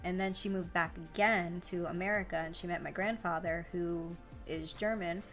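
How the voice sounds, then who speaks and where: A woman's voice: on the low side, steady tone, normal speed, fairly bright tone, soft background music. A young adult woman hosting a live stream, chatting casually in a rambling way with lots of fillers and restarts. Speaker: livestream host. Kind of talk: casual livestream chat.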